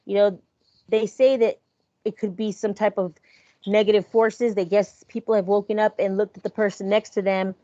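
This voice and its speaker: A woman hosting a casual podcast chat, telling creepy stories in an animated way and acting out the voices in them. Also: mid-range voice, moderate pace, dry recording. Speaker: podcast host. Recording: dull lo-fi sound.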